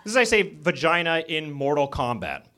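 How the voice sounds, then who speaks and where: A man doing live stand-up comedy, with a shouted mock-angry chant, on a club stage. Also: fairly high pitch, big pitch swings, fairly quick, background noise.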